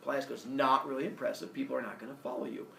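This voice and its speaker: A man's voice: medium pitch, steady tone, very fast, vocal fry, fairly bright tone, slight background noise. A male teacher retelling a myth to his class in a playful, jokey way, acting out the characters. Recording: echoey classroom from far off.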